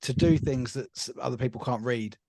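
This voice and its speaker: A man's voice: mid-range voice, a little fast, dark tone, dry recording, studio quality. An easygoing, enthusiastic man from England, a guest on a casual sports podcast.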